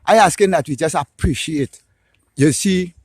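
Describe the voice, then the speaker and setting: Trini guy with a high voice ranting casually, swears a lot, keeps saying right?, dry sound. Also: moderate pace, no room sound. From Trinidad and Tobago. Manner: animated, ranting, swears, tags lines with "right?". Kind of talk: casual opinionated monologue.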